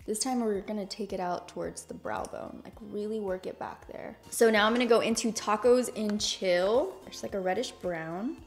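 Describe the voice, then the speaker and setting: An enthusiastic young beauty YouTuber of Hispanic background, speaking with no Spanish accent, chats casually while demonstrating a makeup look for her viewers. Her voice is mid-range, at normal speed with few pauses, over soft background music.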